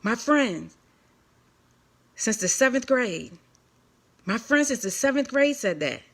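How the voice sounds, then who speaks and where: A woman's voice: fairly high pitch, animated, a bit bright. A woman giving a candid, emphatic testimony to viewers, with many restarts and repeated phrases. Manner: emphatic, repetitive, quick restarts. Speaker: ministry leader speaking to an online audience.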